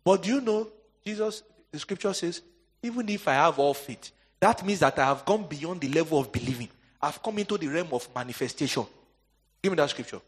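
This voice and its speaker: Husky guy preaching, kinda high voice, throws out questions for the crowd to finish, goes big then drops low. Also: lively intonation, brisk. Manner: call-and-response preaching, leaves questions for the congregation to answer; swings between soaring emphatic lines and low quiet asides. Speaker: pastor. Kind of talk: sermon.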